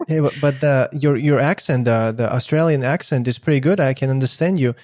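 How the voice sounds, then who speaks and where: A man from Russia hosting a podcast, speaking in a casual, halting way with stammered restarts. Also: mid-range voice, a little mellow, no echo, clean studio sound. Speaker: podcast host. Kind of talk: casual interview chat.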